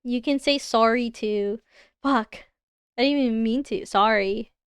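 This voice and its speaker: A woman's voice: on the high side, a little slow, smooth, dry recording, studio quality. A young woman with a Canadian accent, chatting casually and giggling as she reacts to viewers on a livestream. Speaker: livestreamer reviewing design work.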